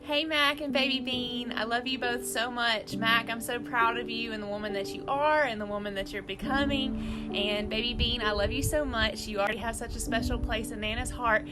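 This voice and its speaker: A woman recording a loving video message to a young mother and her unborn baby, soft and doting. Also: a little high, fairly even intonation, normal speed, loud music behind the voice.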